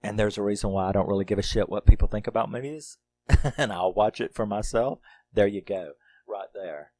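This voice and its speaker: Man, middle-aged, very low voice, casual movie review, laughs a lot, swears casually. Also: brisk, mellow, no echo.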